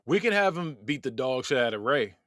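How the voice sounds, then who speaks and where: A man's voice: mid-range voice, sing-song, fairly quick, a bit bright, dry recording, clean studio sound. A man co-hosting a wrestling podcast in casual chat, laughing often and acting out scenes. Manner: laughs often, acts out bits. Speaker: podcast co-host.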